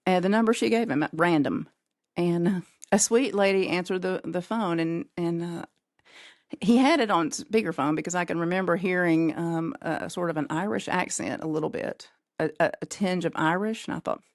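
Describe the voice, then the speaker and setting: Low-voiced storyteller woman. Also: normal speed, no room sound, studio quality. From North Carolina, USA. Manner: lively storyteller who acts out quoted voices, with frequent laughs. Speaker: podcast guest. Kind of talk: casual storytelling.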